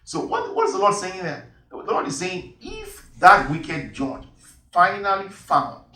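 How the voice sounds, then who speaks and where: A man's voice: high-pitched, huge pitch swings, measured pace, sharp tone, far from the mic. Emphatic preacher man in an echoey hall. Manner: emphatic, repeats key phrases. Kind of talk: sermon with Bible reading.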